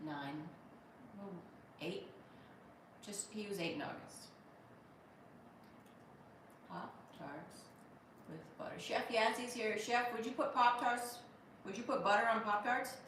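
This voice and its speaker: A woman's voice: on the high side, lively intonation, a little slow, long pauses, a bit bright, distant mic. Chatty woman streaming in an echoey room. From Pittsburgh. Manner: chatty and rambling, with many restarts. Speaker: comedian hosting a livestream. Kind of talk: casual live chat, reading viewer comments aloud. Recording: very echoey room, voice off-mic, faint hum.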